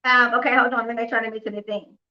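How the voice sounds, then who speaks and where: A woman hosting a couponing live stream, telling a story in a chatty, animated way, acting out the dialogue and laughing often. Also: a little high, fast, lo-fi sound. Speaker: couponing livestream host. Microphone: phone or computer mic on a live stream.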